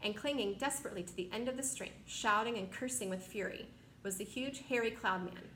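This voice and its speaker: A woman reading a children's novel aloud as narrator, with steady, expressive storytelling. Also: medium pitch, brisk. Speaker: reader. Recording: echoey room, faint noise.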